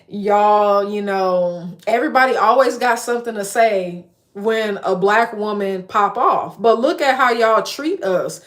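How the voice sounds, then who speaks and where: A woman's voice: medium pitch, measured pace. Blunt, emphatic woman in her thirties. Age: 30s. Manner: blunt, emphatic, repetitive listing. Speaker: livestreamer. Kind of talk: casual live-stream rant.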